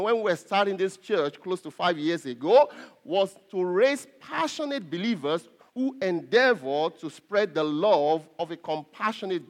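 A pastor preaching an earnest sermon to his congregation, repeating phrases and pausing on fillers. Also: high voice, fairly bright tone.

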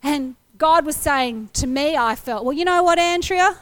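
Woman, fifties, preacher giving testimony; bright high voice, dry recording, acts out her reactions. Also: a little slow, no room sound. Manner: animated storytelling, acting out her own reactions. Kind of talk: sermon with personal testimony.

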